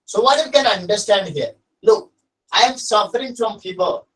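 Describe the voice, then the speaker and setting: A man's voice: sits high, lively intonation, normal speed, a bit bright, recorded from a distance, rough recording. A man with an Odia Indian accent teaching an English lesson, stressing and repeating his key points to students. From Odisha, India. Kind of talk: classroom lesson.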